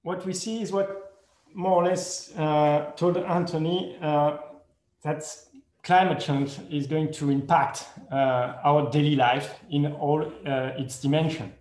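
A man giving a conference presentation in careful non-native English, hesitant and full of pauses and fillers, correcting himself as he goes. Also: fairly high pitch, fairly even intonation, a little mellow. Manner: speaks English as a second language. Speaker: conference speaker. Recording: echoey room.

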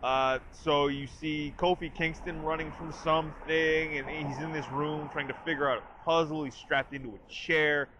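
A man's voice: on the high side, steady tone, normal speed, few pauses, background noise. A man casually reviewing a movie trailer, chatty and full of "like", retelling scenes with quoted lines. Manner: chatty, lots of "like" and restarts. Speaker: host of a review channel.

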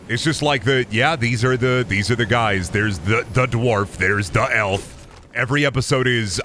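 Sharp-voiced, profane ranting man. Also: mid-range voice, moderate pace, slight background noise. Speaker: streamer. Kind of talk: casual chat while gaming.

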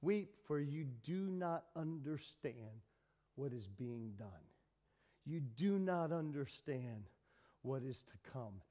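A man preaching a sermon who voices Jesus as a quiet, grave, measured speaker. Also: mid-range voice, lively intonation, big-room sound. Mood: pleading. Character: Jesus, calm solemn man speaking before judges.

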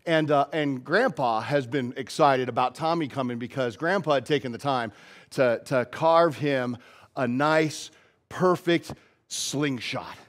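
A man's voice: medium pitch, unhurried. A male pastor giving a casual, story-driven sermon in a church.

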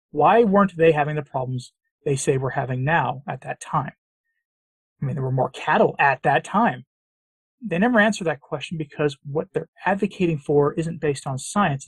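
A middle-aged man from the United States with a husky, slightly high voice hosts his own commentary show. He reads out news quotes and answers them with emphatic sarcasm and repeated phrases. His voice sounds dry and close. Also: dry recording. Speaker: commentary channel host.

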